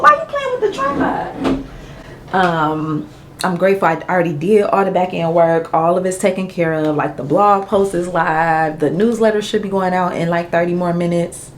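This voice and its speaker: A woman's voice: on the low side, slight background noise. A woman in her thirties, chatting candidly at home to camera about her business launch with a Southern-style casual way of talking. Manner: chatty and candid, Southern slang, emotional and grateful. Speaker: small business owner vlogging a product launch. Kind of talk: casual vlog chat to camera.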